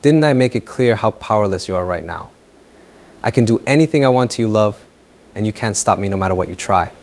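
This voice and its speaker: A man voicing a possessive, menacing young lover who taunts slowly in an audio fan fiction story. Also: lowish voice, expressive, darkish tone. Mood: mocking. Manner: slow, taunting, mocking.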